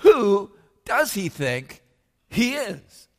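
A man preaching a sermon as pastor, slowing down and lifting his voice when he quotes scripture. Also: high-pitched, big pitch swings, fairly bright tone. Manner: emphatic preaching, slows and rises on scripture. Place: church sanctuary. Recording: long reverb of a church hall.

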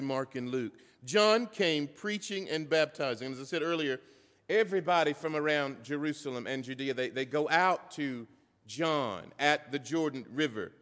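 Man, pastor, emphatic repetitive preaching, fairly high voice, long reverb of a church hall. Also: a bit bright. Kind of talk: sermon.

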